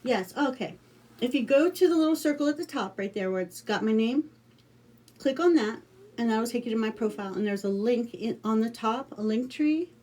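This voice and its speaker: Chatty American woman, mellow voice. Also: on the high side, expressive, moderate pace. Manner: chatty, rambling storytelling with many fillers. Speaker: craft livestream host. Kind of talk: casual livestream chat.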